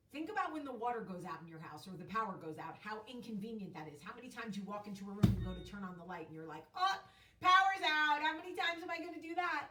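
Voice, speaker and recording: A woman's voice: mid-range voice, distant mic. A woman hosting a casual vlog, telling a story in a chatty, emphatic way with some casual swearing. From United States. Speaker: host. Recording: echoey room, voice off-mic.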